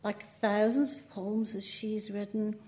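Mellow-voiced older Northern Irish woman. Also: medium pitch, level tone, a little slow. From Northern Ireland. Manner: chatty, laughing often, with self-mocking asides. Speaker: poet guest. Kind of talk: conversational interview.

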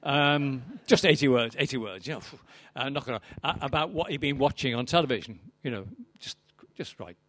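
A man's voice: mid-range voice, expressive, brisk, a bit bright, no room sound. An older man giving a live poetry reading, with wry, rambling, self-deprecating asides to the audience. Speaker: poet performing to an audience.

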